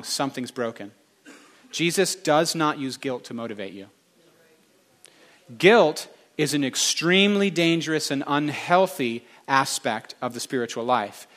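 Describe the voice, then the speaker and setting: A man's voice: on the high side, a bit bright. A male pastor preaching a sermon with passion, stressing his points through repeated phrases.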